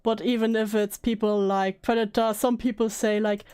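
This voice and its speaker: A woman's voice: on the high side, normal speed, few pauses, mellow, smooth. A woman giving casual reaction commentary, sarcastic and swearing, often laughing. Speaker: commentary streamer.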